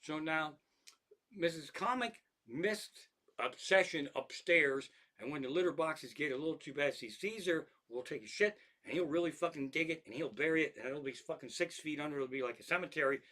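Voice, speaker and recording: A man's voice: fairly high pitch, moderate pace, sharp tone. A man who is a comedian, telling rambling, profane stories about his life and cats with lots of restarts and asides. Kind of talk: stand-up style storytelling monologue.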